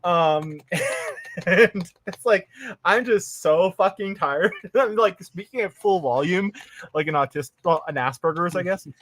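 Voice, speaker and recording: A man casually telling a funny travel story, animated, putting on higher voices for the people he quotes. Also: a little slow, slight background noise. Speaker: podcast co-host.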